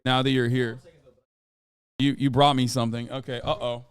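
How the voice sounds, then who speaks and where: A man in his thirties streaming, reacting to a video in casual, profane, animated commentary. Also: mid-range voice, moderate pace, smooth. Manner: profane, animated, repeats "okay?" often.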